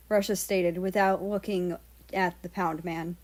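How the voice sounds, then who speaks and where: A woman's voice: lowish voice, measured pace. Woman narrating a fan story. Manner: steady storytelling read-aloud. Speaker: fan-fiction audiobook reader. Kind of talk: scripted narration.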